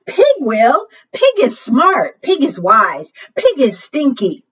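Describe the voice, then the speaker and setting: A woman's voice: high voice, huge pitch swings, takes it slowly, a bit bright, slightly rough, voice pushed up, exaggerated voice. A woman voicing a small, eager male mouse from a picture book, with emphatic, sing-song cheering. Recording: distant, dull lo-fi sound.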